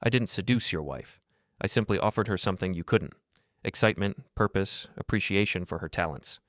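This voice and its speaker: Guy doing a slick creepy gangster, calm and condescending, dry close sound. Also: low-pitched, fairly quick, no room sound. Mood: smooth menace. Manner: smooth, condescending, quietly threatening. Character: smooth, menacing small-time male club owner.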